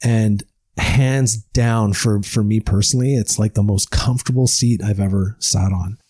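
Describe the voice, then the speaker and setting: A man's voice: fairly low pitch, fairly even intonation, moderate pace, warm tone, husky, dry recording. A man chatting casually over a video call about endurance cycling, rambling and stammering, often laughing. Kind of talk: casual chat.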